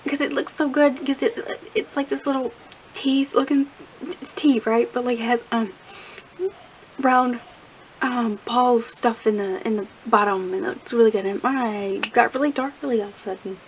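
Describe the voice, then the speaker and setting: Talking through her reading in a vlog, a young woman with a slightly high, steady voice chats at a moderate pace, rambling and leaning on fillers. The camera-mic audio sounds dull and lo-fi, with faint hiss.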